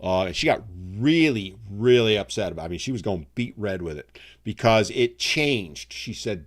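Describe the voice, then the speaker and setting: Middle-aged male host, low-ish voice, casual rambling live-chat delivery. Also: animated, moderate pace. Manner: rambling, conversational, with side stories and asides. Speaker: live show host reading viewer chat.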